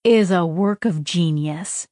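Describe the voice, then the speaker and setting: A woman's voice: fairly low pitch, slow, mellow, no room sound, studio quality. A woman reading a storybook aloud, voicing a wry, fun-loving young woman. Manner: wry, playful.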